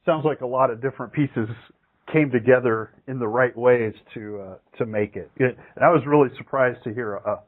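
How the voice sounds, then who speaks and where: A man's voice: mid-range voice, moderate pace. A male interviewer asking casual questions with plenty of fillers. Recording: tinny phone line.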